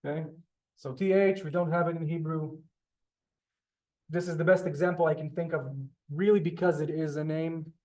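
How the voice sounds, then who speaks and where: A man's voice: fairly high pitch, fairly even intonation, moderate pace, darkish tone. A man from Israel teaching a Hebrew class, explaining patiently step by step and answering students politely. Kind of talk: classroom lesson over video call.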